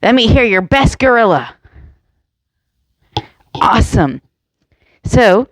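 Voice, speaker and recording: A woman's voice: on the high side, dry recording. A woman leading a yoga lesson for children and their adults, encouraging, playful and full of questions to the kids. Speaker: kids' yoga instructor.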